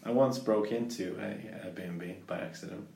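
A man's voice: deep voice, measured pace, vocal fry, a little mellow, echoey room, a little hiss or hum. A man casually chatting and telling a rambling anecdote, full of restarts and fillers.

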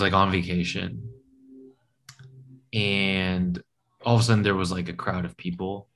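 A man in casual conversation who tells rambling anecdotes full of "like" and acts out the quoted voices. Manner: rambling storyteller who acts out quotes with animated jumps in pitch. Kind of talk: casual chat.

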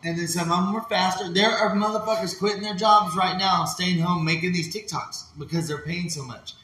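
A man's voice: high voice, steady tone, brisk, bright, forceful tone. A man ranting in a heated, profane way, acting out voices as he tells it. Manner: heated, swearing, acts out voices. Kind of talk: profane casual rant. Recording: very echoey room with faint noise.

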